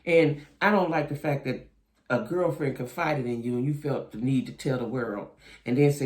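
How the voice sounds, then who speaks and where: A fairly high, creaky male voice moves quickly with lively intonation. Reacting to a reality show on video, he chats opinionatedly with "y'all," regularly tossing in "right?" and "you know what I'm saying?"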